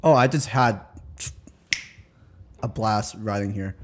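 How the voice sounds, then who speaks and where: Lowish voiced guy on a podcast, jokey, mostly just agreeing. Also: a little hiss or hum. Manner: joking, agreeable, quick back-and-forth. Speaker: podcast co-host. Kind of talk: casual chat.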